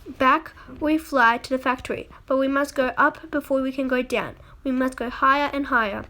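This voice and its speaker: An eccentric, playful grown man who makes candy, read aloud by a woman. He comes across in a high, light storybook voice and tosses off grand lines quickly. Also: fairly even intonation, bright, forceful tone.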